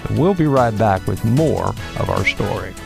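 A man hosting a show and reading a children's Christmas story aloud in a folksy, expressive way. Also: lowish voice, moderate pace, gravelly, over loud music. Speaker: host and storyteller.

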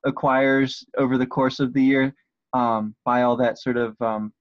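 A man's voice: medium pitch, flat delivery, a little slow, a little hiss or hum. A man co-hosting a casual book discussion podcast, speaking hesitantly and searching for words with many fillers. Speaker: podcast co-host. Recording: dull, dry sound.

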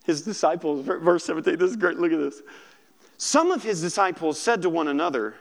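A man preaching a sermon, conversational and animated, checking in with "right?" and acting out scripture voices, with loud emphatic moments and soft quiet stretches. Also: on the high side, fairly quick. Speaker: pastor.

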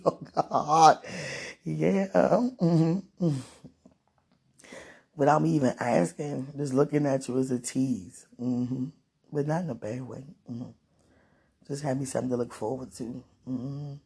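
A woman in a casual, rambling monologue, playful and laughing often, swinging from loud bursts to soft murmurs. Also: low voice, measured pace, slightly rough.

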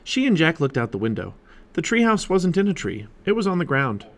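A man's voice: a little high, fairly quick. A man narrating a children's chapter book aloud for his family. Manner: animated storytelling. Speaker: storybook reader.

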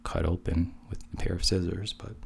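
A man casually retelling a fairy tale in a relaxed, conversational way, with asides. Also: low-pitched, moderate pace, creaky, breathy edge. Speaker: storyteller.

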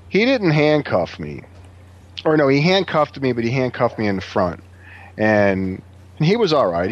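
A man's voice: lowish voice, lo-fi sound. Profane man telling a story. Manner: animated, profane, acts out quotes. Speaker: podcast guest telling a story. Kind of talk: casual storytelling among friends.

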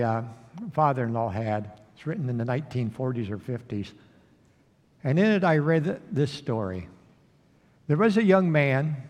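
A man's voice: mid-range voice, big-room sound. A man preaching a sermon as pastor, telling a story and asking the congregation questions. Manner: storytelling with acted quotes, asks the congregation questions. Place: church sanctuary.

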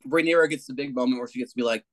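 A man's voice: medium pitch, racing. A man co-hosting a casual TV review chat, talking in a laid-back, profane way and slipping into mocking quotes. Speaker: podcast co-host.

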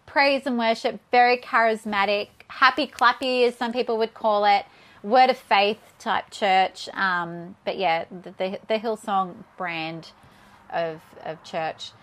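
A woman's voice: medium pitch, measured pace. Aussie woman in her 30s, interview guest, candid, bit shaky, talks it through earnestly. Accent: Australian. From Australia. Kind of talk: personal interview.

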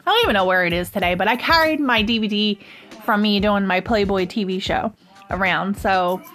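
A woman's voice: medium pitch, a little fast, fairly bright tone, soft background music. A woman hosting a podcast, telling a personal story in a casual, rambling way full of "um" and "like". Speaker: podcast host.

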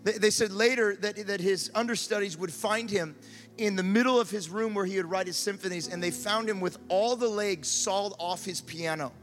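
A high-voiced man preaches with mounting fervor, often repeating his words as he builds toward shouted appeals. Faint music sits under his voice. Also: normal speed, in a large hall. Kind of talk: sermon.

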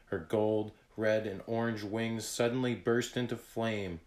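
A man narrating a children's chapter book aloud in a deliberate read-aloud manner. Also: on the low side, steady tone, darkish tone. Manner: slow, deliberate reading.

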